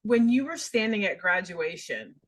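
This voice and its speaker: A woman hosting a podcast interview, asking soft, encouraging follow-up questions. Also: mid-range voice, big pitch swings, moderate pace, poor audio. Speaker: podcast host.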